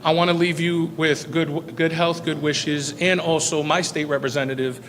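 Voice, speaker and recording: A man's voice: on the high side, fairly even intonation, moderate pace, fairly bright tone. A man, a state senator, giving a loose, filler-heavy speech at a press event. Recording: hall reverb with faint noise.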